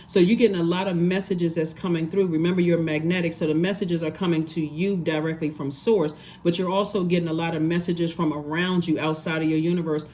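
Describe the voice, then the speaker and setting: A woman's voice: fairly low pitch, fairly even intonation, fairly quick, few pauses, a little mellow, a little hiss or hum. A woman giving a casual tarot reading, talking emphatically and repeating phrases for stress. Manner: conversational, loose and rambling. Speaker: tarot reader.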